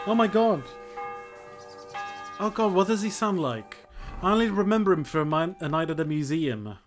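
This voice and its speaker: Joking male game streamer. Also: a little high. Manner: joking, laughing, talks to himself. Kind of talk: casual game commentary.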